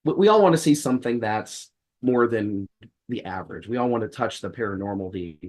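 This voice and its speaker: A man's voice: fairly low pitch, animated, brisk, darkish tone. Wry storytelling man. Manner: wry, acts out quoted dialogue; rambling with frequent restarts. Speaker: podcast guest, exorcist. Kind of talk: casual storytelling in conversation.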